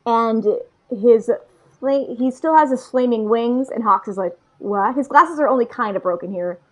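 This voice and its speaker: A woman with a fairly high voice co-hosts a podcast about a manga chapter. She talks casually and thinks out loud, and her sentences are full of "like.". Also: moderate pace, rough recording. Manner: chatty, thinks aloud with many "like"s. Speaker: podcast co-host.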